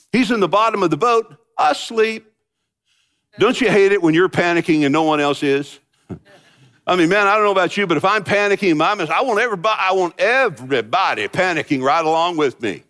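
Man preaching a chatty sermon, higher voice. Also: a bit bright. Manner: conversational preaching with joking asides. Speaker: pastor.

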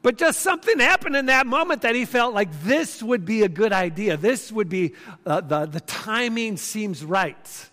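This pastor, a man in his fifties, speaks at a moderate pace in a high, pushed, bright voice with lively intonation. His sermon is earnest and conversational, built around stories and emphatic repeats. The recording carries long hall reverb.

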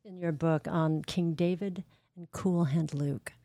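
A podcast host who listens attentively, offering short affirmations and measured, unhurried questions. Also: medium pitch, steady tone, dark tone. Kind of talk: interview listening with brief backchannels.

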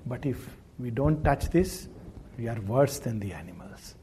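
A man's voice: medium pitch, lively intonation, measured pace, mellow, slight background noise. A man giving a spiritual discourse, acting as a storytelling teacher who often chuckles as he animates the tales.

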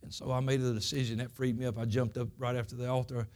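A man's voice: mid-range voice, little pitch movement, fast, darkish tone. A man preaching a Sunday school lesson, telling his own testimony in folksy, earnest, plain country speech. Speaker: pastor.

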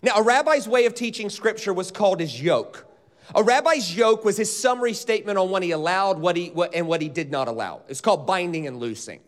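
Male pastor, high voice, lively teaching sermon that rouses the congregation. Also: a little fast. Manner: animated teaching, leads congregation in call-and-response. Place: church auditorium.

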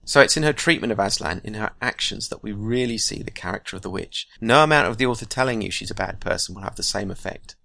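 A man hosting a writing podcast, explaining craft in a measured, scripted teaching monologue. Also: fairly low pitch, lively intonation, vocal fry, pushed and bright, no echo.

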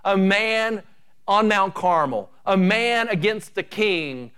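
A male pastor preaching an animated sermon, building to emphatic rising runs and dropping to quiet asides. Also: high voice, measured pace, clear, resonant tone.

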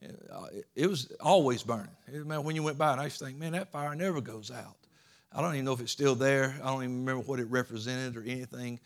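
A man's voice: medium pitch, quick pace, hardly any pauses. A middle-aged man with a Georgia Southern accent preaching a sermon in an earnest, folksy way, often repeating words.

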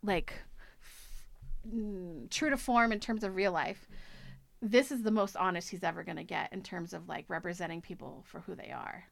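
A woman's voice: fairly low pitch, normal speed, gravelly, fairly bright tone, dry recording. A woman co-hosting a film club podcast, talking casually about a movie in a rambling way full of likes and restarts.

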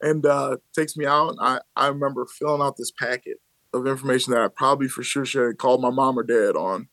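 A man in his thirties from the Chicago area, talking as a podcast guest about his coaching life. He tells stories in an animated, lively way, laughing often and acting out what others said. His voice is recorded dry and close. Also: mid-range voice, quick pace, dry recording. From Chicago area, USA. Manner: animated storyteller who laughs often and acts out quotes. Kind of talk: casual conversational storytelling.

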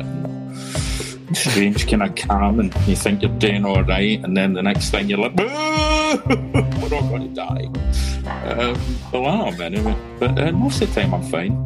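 Chatty man on a video call. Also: lowish voice. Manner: chatty, joking, rambling. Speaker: guest. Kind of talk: casual chat on a video call.

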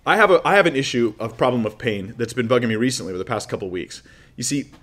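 A man of middle pitch teaches on faith in a lively, animated way. He acts out dramatic scenes and keeps turning to his audience with rhetorical questions. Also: fast. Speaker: Christian teacher. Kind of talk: apologetics teaching talk.

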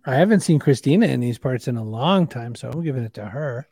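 A male host runs his podcast at a quick clip, upbeat and jokey. His voice is a bit higher than most men's but mellow in tone. The sound is dry and close. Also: animated, no room sound. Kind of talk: casual podcast hosting.

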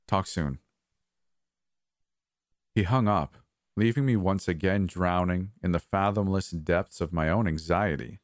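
A man reading a first-person horror story in a measured, somber way. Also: sits low, no room sound, clean studio sound. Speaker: narrator. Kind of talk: scripted horror narration.

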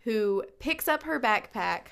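A woman's voice: on the high side, slow, creaky. A woman in her thirties co-hosting a casual podcast chat, telling stories animatedly and acting out the quotes. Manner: animated storyteller, acts out quotes. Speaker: podcast co-host.

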